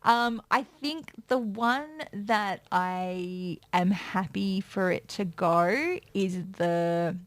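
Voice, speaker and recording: In a dry recording, a woman speaks at medium pitch, extremely slowly and with few pauses, as a guest in a casual interview. A music and pop culture presenter, she chats through stories and performs quotes in lively voices.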